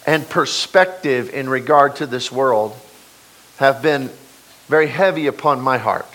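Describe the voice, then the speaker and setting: A man's voice: medium pitch, fairly bright tone, poor audio. A man in his forties preaching a sermon, stressing key words and repeating them for emphasis. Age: 40s.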